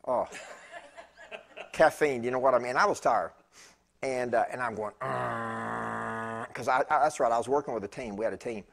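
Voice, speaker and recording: A man preaching in church, telling a personal story in a chatty, animated way with laughing asides to the congregation. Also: mid-range voice, a little fast. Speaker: pastor. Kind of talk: storytelling sermon. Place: church sanctuary.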